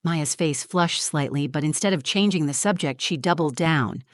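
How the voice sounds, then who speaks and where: A woman narrating a first-person story in a steady, scripted storytelling delivery. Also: deep voice, normal speed, hardly any pauses, dry recording, clean studio sound.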